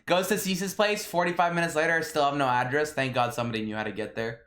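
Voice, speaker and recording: A man's voice: fairly high pitch, quick pace, a bit bright. A man in casual podcast chat, teasing a friend with laughing interjections. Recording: roomy echo.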